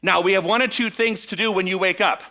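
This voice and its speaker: A man's voice: high-pitched, fairly even intonation, fast talker, bright, forceful tone. A middle-aged male minister preaching a sermon to a live congregation, often checking in with them and leading them in call-and-response. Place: church sanctuary with a live congregation.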